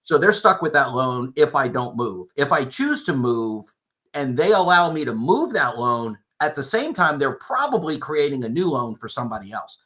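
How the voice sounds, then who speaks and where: A man hosting a live mortgage show, talking casually, with halting restarts and questions put to his co-host. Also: medium pitch, sing-song, sharp tone. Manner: hesitant, repeats words, asks questions.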